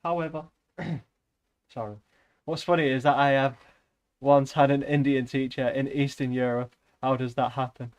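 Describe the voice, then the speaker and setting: A man's voice: medium pitch, little pitch movement, moderate pace, a little mellow. A man reading a novel aloud on a live stream, breaking off often for rambling, joking asides to his chat.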